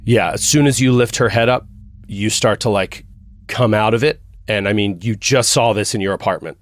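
A man's voice: moderate pace, no echo, studio quality. A man narrating a tabletop horror game as game master, describing scenes in the second person. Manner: second-person scene narration, dropping low for grim moments.

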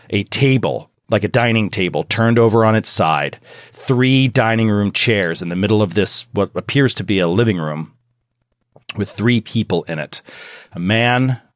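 Low-voiced man narrating a horror game. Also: no room sound, clean studio sound. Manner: descriptive, loose, with fillers and chuckles. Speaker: game master.

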